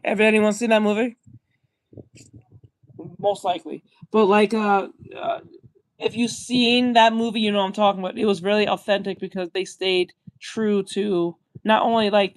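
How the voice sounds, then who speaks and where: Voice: medium pitch, no room sound. A stream host giving casual reaction commentary, rambling and swearing a lot, with many fillers and restarts.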